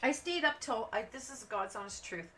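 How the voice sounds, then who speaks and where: A woman's voice: fairly high pitch, moderate pace. Chatty woman telling rambling stories. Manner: rambling, animated anecdotes with acted-out quotes. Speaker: craft channel host. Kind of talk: chatty storytelling while coloring. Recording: voice a bit distant from the mic, faint background noise.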